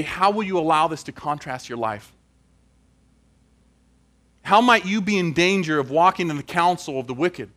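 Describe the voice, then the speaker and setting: A man delivering a sermon with a bright, forceful voice that sits somewhat high. He talks earnestly and builds toward emphatic questions before closing in prayer. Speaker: preacher.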